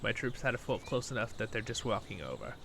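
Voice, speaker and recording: A sleepy man who just woke up hosts a gaming channel, chatting casually about gameplay at his computer into a new desktop microphone. He's relaxed and rambling, chuckling often, with a fairly low, gravelly voice and a fast delivery. There's a little hiss or hum in the audio.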